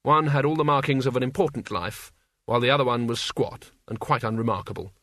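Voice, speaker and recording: A man reading a story aloud as narrator, in a measured, even storytelling manner. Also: medium pitch, no echo. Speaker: audiobook narrator. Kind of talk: scripted narration.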